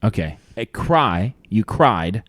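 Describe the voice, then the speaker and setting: A man's voice: fairly low pitch, sing-song, slow, fairly bright tone. A man co-hosting a casual podcast chat, steering the talk with questions and musing aloud. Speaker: podcast co-host.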